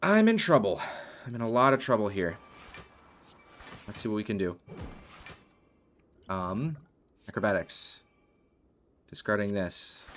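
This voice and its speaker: A man's voice: low-pitched, a bit bright, a little hiss or hum. A man commentating his own card game play, muttering card names and worried asides as he goes. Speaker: gaming video host. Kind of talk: gameplay commentary.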